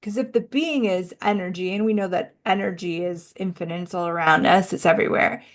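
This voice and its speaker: A woman hosting a self-help podcast, talking reflectively in a casual, musing way, often slowing down and drawing out words. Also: on the low side. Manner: musing, conversational, uses "like" a lot. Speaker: podcast host and energy coach.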